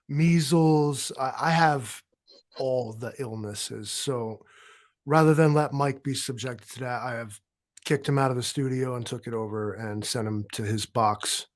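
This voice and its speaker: A man from New York co-hosting a livestream, joking and swearing in a brash casual way. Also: medium pitch. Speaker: livestream co-host.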